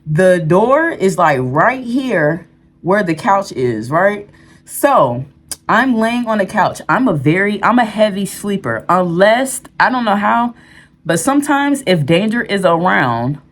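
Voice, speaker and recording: Candid lower-voiced woman telling a story. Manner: candid, rambling, with restarts and fillers. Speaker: storyteller vlogger. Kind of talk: storytime vlog.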